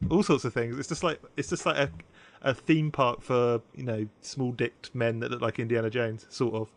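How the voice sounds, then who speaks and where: A man's voice: medium pitch, fairly even intonation, normal speed. A man co-hosting a casual podcast, presenting a story and laughing often as he tells it. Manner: giggly, keeps laughing while telling.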